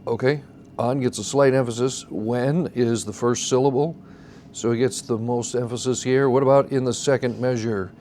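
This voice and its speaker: A man's voice: medium pitch, steady tone, normal speed, darkish tone. Man teaching a church singing class. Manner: patient, explains step by step, asks the class questions. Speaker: song leading teacher. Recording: faint background noise.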